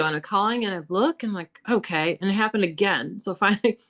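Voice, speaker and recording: A woman telling ghost stories as a podcast guest, animated and chatty, acting out quotes with frequent laughs. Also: mid-range voice, fast. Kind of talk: casual storytelling about hauntings.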